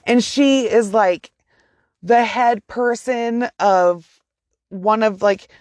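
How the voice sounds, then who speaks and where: A woman's voice: on the high side, drawn-out words, darkish tone, dry recording, studio quality. A woman casually telling a true crime story from inside her car, chatty and profane with rambling asides.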